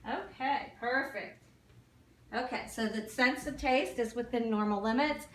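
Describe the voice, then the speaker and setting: Woman giving calm clinical instructions, echoey room. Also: fairly high pitch, measured pace, distant mic. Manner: calm step-by-step instructions with fillers. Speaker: nursing student doing an exam demo.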